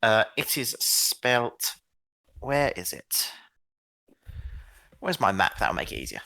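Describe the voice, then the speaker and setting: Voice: medium pitch, big pitch swings, takes it slowly, vocal fry, pushed and bright, no echo, studio quality. A game master casually narrating a tabletop role-playing game with many fillers.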